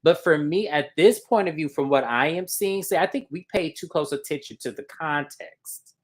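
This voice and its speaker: A man co-hosting a casual reality TV recap, telling the scenes in an animated way and acting out what the cast said. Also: fairly high pitch, moderate pace. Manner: animated storyteller who acts out quotes.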